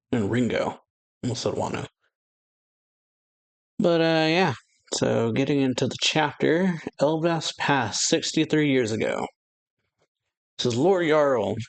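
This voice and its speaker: Casting: male reaction host, mid-pitched, casual read-aloud, self-correcting, easygoing chuckles. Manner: reads aloud with frequent restarts and self-corrections; chuckles at own slips. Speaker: anime reaction channel host. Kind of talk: casual manga read-through.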